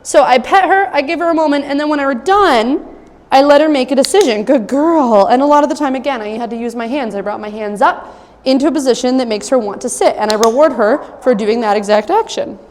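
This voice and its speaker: A young adult woman dog trainer giving an instructional demonstration, explaining calmly with occasional high-pitched praise for a puppy. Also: a little fast. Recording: long reverb with faint ambient noise.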